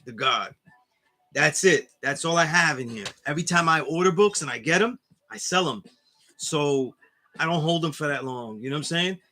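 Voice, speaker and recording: A man's voice: on the high side, pushed and bright. A man with a New York accent, hosting a casual live class and chatting loosely with viewers as he reads their comments. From New York area. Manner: rambling, full of "you know what I'm saying". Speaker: class instructor reading live chat. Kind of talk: casual livestream chat.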